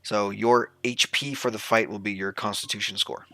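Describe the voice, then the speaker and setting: A man acting as game master, explaining the rules in a relaxed, rambling way. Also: fairly low pitch, normal speed, faint music behind.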